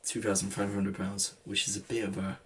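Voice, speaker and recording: A man's voice: fairly low pitch, flat delivery, a little fast, background noise. A young man in his late teens with an English accent, rambling through a casual story with lots of "like" and restarts. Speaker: vlogger.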